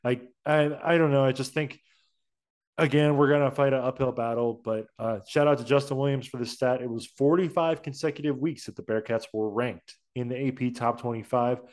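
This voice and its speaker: A man co-hosting a sports podcast, chatting in a relaxed, rambling way. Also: medium pitch, brisk. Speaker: podcast co-host. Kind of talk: casual sports podcast chat.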